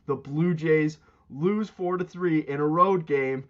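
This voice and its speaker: A man co-hosting a casual sports podcast, ranting loudly and mocking rival fans. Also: slow pace. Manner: loud, mocking rants with big pitch jumps. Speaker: podcast co-host. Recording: dull lo-fi sound.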